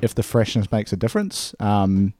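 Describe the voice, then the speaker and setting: Male co-host, mellow and low, laid-back with restarts, dry close recording. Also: normal speed, no room sound. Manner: relaxed, hesitant, repeats words. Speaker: podcast co-host. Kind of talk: casual chat over beers.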